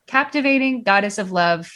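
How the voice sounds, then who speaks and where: A woman's voice: mid-range voice, a bit bright. A young American woman guest on a podcast, chatting casually, laughing a lot and swearing freely. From United States. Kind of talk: casual interview chat.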